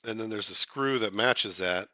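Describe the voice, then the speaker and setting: A man's voice: fairly low pitch, normal speed, bright, forceful tone, no echo. A man hosting a casual live stream, chatting with viewers in a rambling, joking way, full of fillers and restarts.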